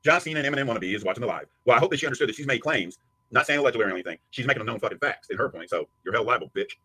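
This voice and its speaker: A husky-voiced man taunts a rival on a livestream, swearing freely. His pitch leaps up and down as he mocks, and he talks at a rapid clip. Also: expressive, sharp tone. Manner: taunting, profane, mocking. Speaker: livestream host. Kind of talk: heated live commentary.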